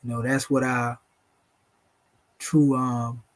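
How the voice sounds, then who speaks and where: Slow and level, a mid-range male voice carries a Southern US accent through a late-night livestream. The host recites spiritual invocations like a preacher and refers to his listeners as "family."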